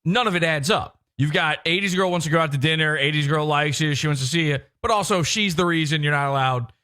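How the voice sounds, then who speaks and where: A man's voice: on the high side, quick pace, pushed and bright. A man on a podcast who cuts in and lays out his points one by one. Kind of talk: podcast discussion.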